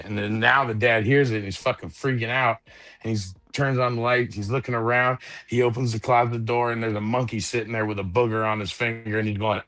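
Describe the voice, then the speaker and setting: Casting note: man on a podcast, bright, forceful tone, loud and laughing, trades dirty jokes. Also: fairly even intonation, fairly quick. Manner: loud, laughing, drops into a low growl for joke voices. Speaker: podcast co-host. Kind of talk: casual chat, telling crude jokes.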